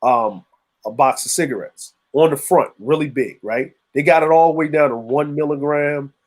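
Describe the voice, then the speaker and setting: High-voiced man telling street stories. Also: normal speed, darkish tone. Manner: storytelling, acts out voices of people he describes. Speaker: podcast co-host. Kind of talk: casual chat.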